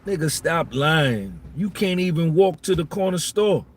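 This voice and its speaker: Blunt, profane podcast host lecturing. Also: male voice, a little high, sing-song, measured pace, slight background noise. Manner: blunt, profane, lecturing, repeats his points. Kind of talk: live-streamed podcast monologue.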